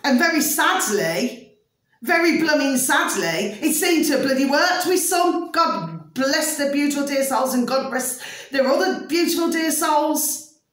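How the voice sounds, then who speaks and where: A woman's voice: sits high, lively intonation, unhurried, fairly bright tone, very echoey, far from the mic. A woman vlogger in an opinionated monologue, emphatic and ranting, forever asking her viewers if they see what she means. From United Kingdom.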